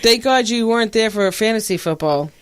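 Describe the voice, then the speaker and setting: A woman's voice: fairly high pitch, a little fast, clean tone. A woman hosting a podcast, telling stories in a casual chat and laughing often as she talks. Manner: animated storyteller who laughs often. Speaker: podcast host.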